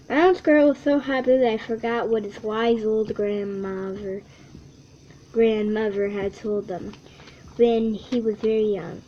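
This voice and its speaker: A young woman reading a children's story aloud, halting and stumbling over words, with asides to herself. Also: on the high side, highs cut off, slight background noise. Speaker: reader.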